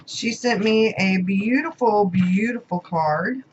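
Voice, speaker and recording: A woman's voice: medium pitch, slow, a little mellow, a little hiss or hum. Woman vlogger, heartfelt and gushing, repeats words, slightly muffled home recording. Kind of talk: casual unboxing chat. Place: home room.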